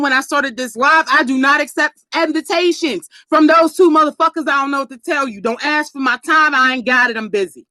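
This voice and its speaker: A woman giving a blunt, profane motivational rant on a live stream, preaching and often shouting for emphasis. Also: high voice, no room sound.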